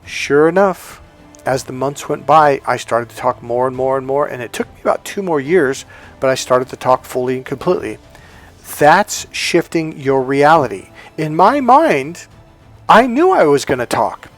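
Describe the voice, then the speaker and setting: A male life and dating coach tells a personal story in a chatty, repetitive motivational monologue, repeating "he goes" as he retells dialogue. His medium-pitched voice is expressive at a normal speed, with faint music behind.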